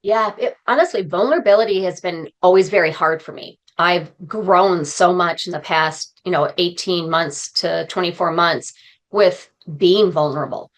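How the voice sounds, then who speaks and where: A woman's voice: on the low side, moderate pace. A woman speaking as a podcast guest, talking in an earnest, heartfelt and encouraging way. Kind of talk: conversational interview.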